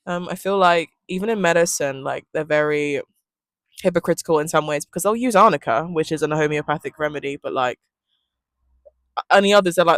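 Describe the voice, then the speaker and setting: A woman's voice: fairly low pitch, moderate pace, no room sound. A young woman, rambling casually through a storytime in her car and swearing freely. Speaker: vlogger.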